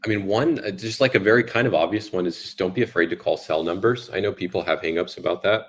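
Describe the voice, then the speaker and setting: A man's voice: low voice, fast talker, faint music behind. A man talking as an interview guest about sales, in loose, talky conversation with plenty of fillers. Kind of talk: casual conversation.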